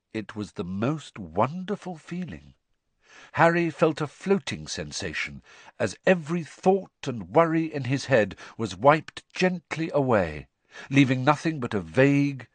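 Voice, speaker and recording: A man narrating an audiobook in an expressive storytelling manner. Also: mid-range voice, no room sound. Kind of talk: scripted narration.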